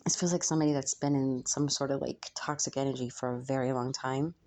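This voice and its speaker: A woman's voice: rumbling low, steady tone, quick pace, darkish tone. A young woman channeling messages for her viewers in a spiritual reading, musing aloud with frequent ums and hesitations.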